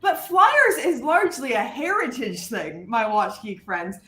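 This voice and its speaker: Canadian woman around thirty, bubbly and self-mocking, very lively pitch, slightly echoey line. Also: unhurried. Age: 30s. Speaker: guest. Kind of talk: casual live stream chat. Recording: roomy with faint noise.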